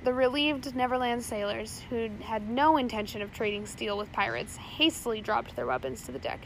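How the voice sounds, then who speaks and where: A woman's voice: a little high, animated, moderate pace, slight background noise, rough recording. A woman narrating a chapter of a storybook aloud, reading steadily with small slips. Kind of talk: audiobook reading.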